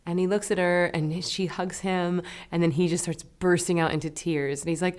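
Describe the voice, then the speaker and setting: A woman teaching a meditation lesson, talking in a gentle, soothing, unhurried way. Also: lowish voice, level tone.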